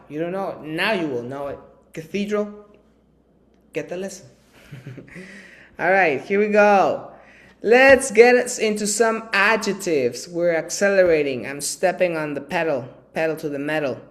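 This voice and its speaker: A Spanish teacher hosting a live bilingual lesson, switching between English and Spanish, drilling vocabulary through repetition and coaxing the audience with playful quiz questions. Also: medium pitch.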